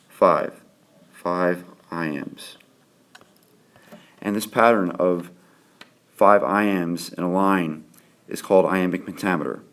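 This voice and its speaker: A male teacher with a very low voice walks a class through poetic meter. He counts out the beats slowly and plainly, pausing on each one. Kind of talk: classroom lesson on poetry.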